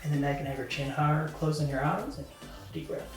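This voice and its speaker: A Southern American woman photographer talks a client through poses in a bright, chatty way. She sounds distant in a very echoey studio. Faint music plays behind her. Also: low-pitched, fast talker. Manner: upbeat, chatty coaching with many fillers. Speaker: boudoir photographer. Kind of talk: directing a photo shoot. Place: indoor photo studio, roomy. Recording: echoey room, mic far off, faint music.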